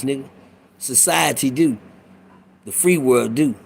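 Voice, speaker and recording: A man's voice: fairly high pitch, normal speed, gravelly, long pauses, darkish tone, slight background noise. A middle-aged man talking in a casual monologue, telling a profane, preachy prison story in street talk. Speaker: vlogger.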